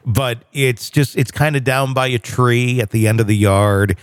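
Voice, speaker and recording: A man's voice: mid-range voice, normal speed, dry recording. A man co-hosting a podcast, chatting casually and rambling through jokes. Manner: rambling, joking. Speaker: podcast co-host. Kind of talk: casual chat.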